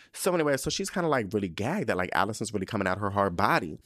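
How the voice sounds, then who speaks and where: Male podcast host, low-pitched and dry, doing animated, profane episode-recap commentary. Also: rapid-fire, few pauses, no room sound. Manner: animated, profane, slangy storytelling.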